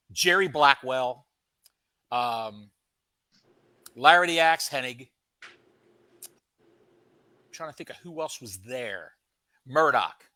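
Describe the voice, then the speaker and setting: Podcast co-host, male; lively, comic storyteller with a high, bright voice. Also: dry recording. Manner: animated, comic storytelling with dramatic pauses. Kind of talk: casual storytelling.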